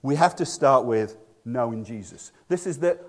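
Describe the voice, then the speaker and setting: A man's voice: medium pitch, lively intonation, normal speed. A middle-aged man preaching a conversational sermon, telling a story with acted-out dialogue and laughing at himself. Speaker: pastor.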